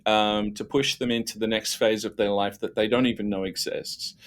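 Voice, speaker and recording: A man, a guest telling lively, self-mocking stories from his career with many restarts. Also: lowish voice. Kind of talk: casual storytelling.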